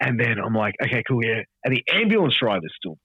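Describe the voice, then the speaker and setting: A man's voice: mid-range voice, quick pace, slightly rough, dry recording. An Australian man in his thirties, a podcast guest telling stories in casual chat, swearing freely and acting out the dialogue. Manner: animated, swears freely, acts out quoted dialogue. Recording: dull, dry podcast audio.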